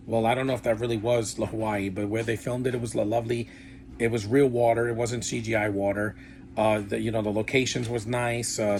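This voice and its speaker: A man's voice: on the low side, darkish tone, slight background noise. A man giving a casual, rambling film review with blunt opinions and lots of fillers. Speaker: movie reviewer.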